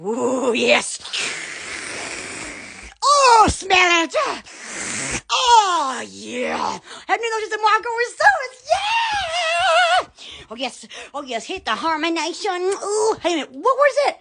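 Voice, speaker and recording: Giggly very high-voiced woman. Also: big pitch swings, takes it slowly, vocal fry, bright, forceful tone, shouting, slight background noise. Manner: giggly, exclaims and laughs constantly. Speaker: live-stream host. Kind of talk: casual live-stream chat. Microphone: phone.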